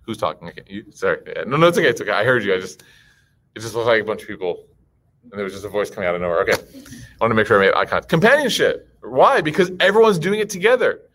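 A man speaks to a live audience in a relaxed, conversational religious talk, acting out voices as he tells stories. His pitch jumps up and down a lot as he talks, and he keeps asking the crowd questions. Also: quick pace. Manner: lively storytelling, acts out voices, asks the crowd questions. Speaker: Muslim speaker giving a talk.

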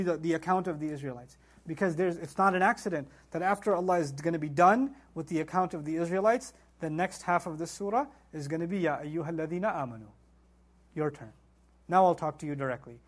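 A man giving an animated religious lecture on scripture, asking rhetorical questions and quoting Arabic verses as he teaches. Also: high-pitched. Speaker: Quran teacher.

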